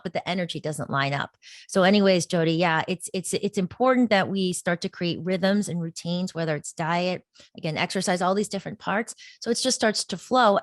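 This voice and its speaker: A woman with a lower voice speaks earnestly and at an easy flow as a podcast guest, laughing now and then. The sound is dry and close, with no room behind it. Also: no room sound. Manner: earnest, flowing, laughs often. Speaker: podcast guest, meditation teacher. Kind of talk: casual interview talk.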